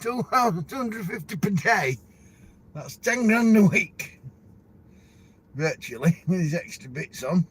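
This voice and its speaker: A middle-aged man with a broad Yorkshire accent chats to camera about his work as a truck driver. He rambles from story to story in a relaxed way, and his voice sits fairly high for a man. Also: a little slow, long pauses, slight background noise. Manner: rambling, chatty, laughs between stories. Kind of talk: casual chat to camera.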